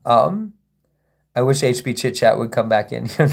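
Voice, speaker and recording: Gravelly sarcastic man livestreaming. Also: medium pitch, sing-song, unhurried, long pauses. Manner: rambling, sarcastic, reading chat aloud. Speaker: livestream host. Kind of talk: casual livestream chat.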